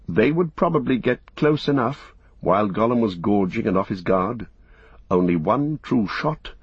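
Guy reading a story aloud, steady, kinda husky, dull lo-fi recording. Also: lowish voice, no room sound. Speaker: audiobook narrator. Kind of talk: scripted narration.

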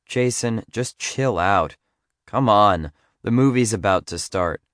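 A man's voice: fairly low pitch, expressive, slow pace, a bit bright, dry recording, studio quality. A man voicing an irritated, dismissive younger brother in an audiobook. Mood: annoyed. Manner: dismissive, annoyed.

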